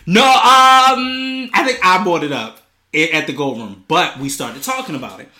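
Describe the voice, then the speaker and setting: Man, podcast co-host; lively, bright, crude off-the-cuff asides between headlines. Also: on the high side, a little fast, reverberant. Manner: animated, profane, reads headlines with asides. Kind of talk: casual podcast chat and news reading. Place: basement studio.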